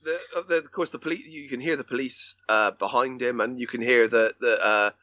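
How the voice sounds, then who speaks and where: A man's voice: medium pitch, brisk, sharp tone, dry recording, dull audio. A man co-hosting a film podcast, retelling scenes in a rambling way with many restarts and acted-out quotes. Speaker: podcast co-host. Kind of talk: casual film discussion.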